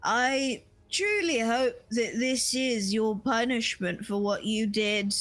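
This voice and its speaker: A taunting, eerie voice that haunts from the darkness, as a woman game master puts it on. It speaks slowly and coldly, full of spite. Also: fairly high pitch, a bit bright, soft background music. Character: taunting eerie male voice from the dark.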